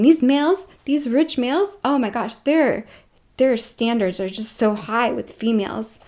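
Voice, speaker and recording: High-pitched woman rambling to camera. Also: moderate pace. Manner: rambling, with many fillers and sudden swings between loud and hushed. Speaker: vlogger. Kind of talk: rambling casual monologue.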